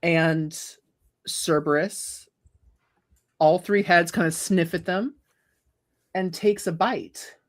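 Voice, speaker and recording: A woman running a tabletop game, talking slowly and easily with plenty of fillers. Her voice sits a little low. She keeps the narration relaxed and chatty. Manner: chatty, laughing, many fillers. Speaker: game master.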